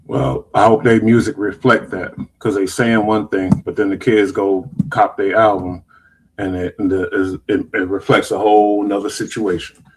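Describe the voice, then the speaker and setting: A man's voice: fairly low pitch, little pitch movement, moderate pace, breathy edge, poor audio. A man hosting a show, reacting to clips in loose slang and rambling, casual commentary. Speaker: show host.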